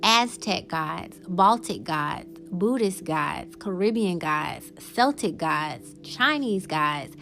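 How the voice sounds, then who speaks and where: A young adult woman hosting her own podcast in casual solo chat, excitable and quick to laugh, slowing down to read out lists. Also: on the low side. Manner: chatty, excitable, laughs often, slows down reading lists. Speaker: podcast host.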